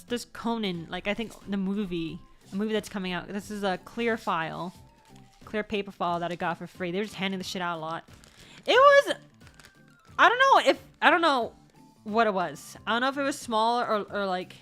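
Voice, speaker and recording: A woman's voice: medium pitch, brisk, clean tone, soft background music. A woman VTuber chatting casually about things she bought, rambling and correcting herself as she goes, with the odd swear word. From United States. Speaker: VTuber vlogger. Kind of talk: casual show-and-tell chat.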